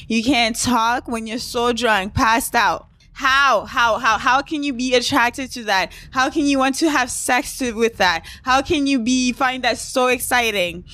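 A woman's voice: a little high, fairly bright tone, dry recording. A woman hosting a casual solo podcast, talking bluntly and with outrage, often breaking into laughter. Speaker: podcast host.

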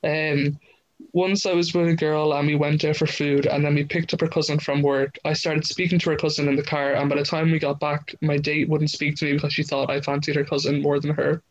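A man's voice: fairly high pitch, little pitch movement, brisk. A young man co-hosting a podcast, reading out listener stories in casual chat and laughing often. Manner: reads out stories with frequent laughter. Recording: dull lo-fi sound with faint hiss.

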